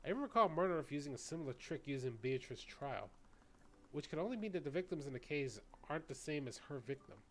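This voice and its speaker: A male streamer reading game dialogue aloud in a brisk, pressing way. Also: a little high, lively intonation, slight background noise.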